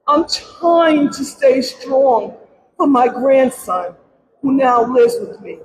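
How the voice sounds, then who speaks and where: A high-pitched, animated woman speaks slowly: a middle-aged grandmother in grief, tearfully pleading at a press conference and often going back over the same words. The recording is low in quality, with crowd noise around her.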